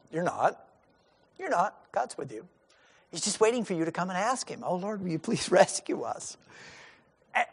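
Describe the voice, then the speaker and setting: A middle-aged male pastor giving a sermon in a conversational way, acting out the lines of the disciples. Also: high voice.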